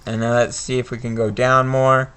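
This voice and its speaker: A man hosting a casual let's-play video, commenting on a game slowly and relaxedly with frequent fillers. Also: medium pitch, little pitch movement, a bit bright, clean tone. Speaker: gaming video host.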